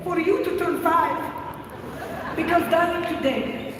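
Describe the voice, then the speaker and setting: A woman voicing an intense, proud immigrant father with an accent, speaking grandly and theatrically. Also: extremely high pitch. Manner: grand, theatrical, rising to excited cries. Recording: echoey hall, distant mic, room noise.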